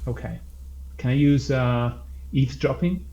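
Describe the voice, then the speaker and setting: A man playing a tabletop game, halting and searching for words as he describes things. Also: mid-range voice, vocal fry, warm tone, lo-fi sound, slight background noise. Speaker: player.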